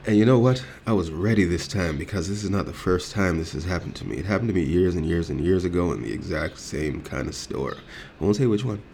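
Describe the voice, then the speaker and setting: A man's voice: low voice, animated, quick pace, vocal fry, few pauses, a little mellow, a little hiss or hum. A grown man telling a story as a heated, profane rant, acting out the exchanges in it. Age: adult.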